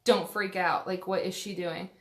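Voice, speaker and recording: A woman's voice: on the low side, fairly even intonation, normal speed. Chatty woman on a phone. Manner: chatty, self-deprecating, rambling with fillers. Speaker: makeup tutorial host. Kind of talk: casual live-stream makeup tutorial. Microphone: phone camera.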